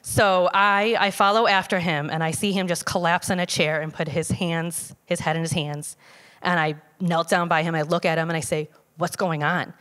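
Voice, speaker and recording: A woman telling a personal testimony to a church congregation in a conversational, halting way, with frequent fillers and restarts. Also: lowish voice, steady tone, fairly bright tone, clean tone. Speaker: church member giving a testimony. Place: church sanctuary. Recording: long hall reverb.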